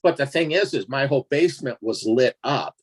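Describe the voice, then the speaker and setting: Animated husky-voiced man telling a strange story. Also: medium pitch, a little fast. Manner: animated, laughing, acts out his own reactions. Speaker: guest storyteller. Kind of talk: casual storytelling interview.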